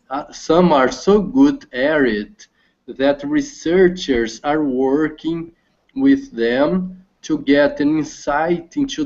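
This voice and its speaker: A man student reading a text aloud in an English lesson, slowly and hesitantly with many restarts. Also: fairly high pitch, a little mellow. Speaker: language student. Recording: dull lo-fi call audio.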